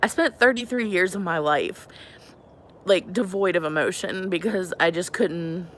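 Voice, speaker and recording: Her voice is lowish and a little slow, with a touch of hiss or hum on the recording. She's in her thirties, live streaming from her porch about faith, earnestly answering viewers in a slightly rambling way full of "like" and "you know."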